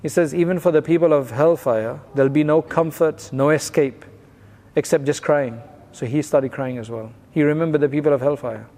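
Male religious teacher, fairly high voice, explains in plain steps, long reverb on the recording. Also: moderate pace, a little mellow. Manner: explains narrations plainly, with Arabic phrases.

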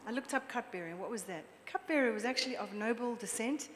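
A woman preacher delivers her sermon in a church hall, her voice trailing off into a long reverb. She talks in a lively, conversational way, often turning to the congregation with questions. A faint hiss sits under the recording. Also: on the high side, fast talker. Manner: lively, chatty, draws the audience in with questions.

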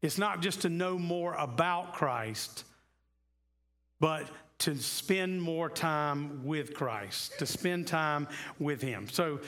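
A man delivers a sermon in a relaxed, conversational way, with a voice pitched a little on the higher side. He draws the listener in with stories and slows to a hushed, deliberate pace on the words he wants to land. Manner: conversational storytelling, drops to hushed tones for emphasis; slows down on key phrases. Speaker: pastor.

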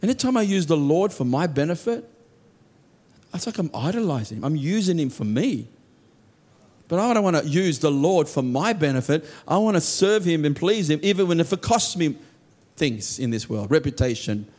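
A man preaching a sermon with earnest emphasis, often dropping to soft low tones and voicing heartfelt prayers aloud. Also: animated, moderate pace.

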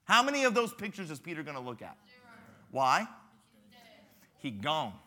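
A man's voice: fairly high pitch, wildly swooping pitch, moderate pace, pushed and bright, slight background noise. A man, a pastor preaching at a youth rally with playful, dramatic storytelling.

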